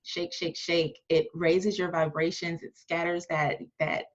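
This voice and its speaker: Woman guest, slightly low voice, earnest and encouraging, dull lo-fi recording. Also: little pitch movement, measured pace. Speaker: podcast guest. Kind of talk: casual conversational interview.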